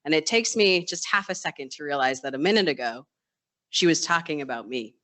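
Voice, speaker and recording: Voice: mid-range voice, expressive, fairly quick, fairly bright tone. An ICU nurse telling a true personal story on stage in a conversational way, with dry self-deprecating humor and acted-out snippets of colleagues and patients. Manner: acts out quoted voices of others. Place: live storytelling stage event.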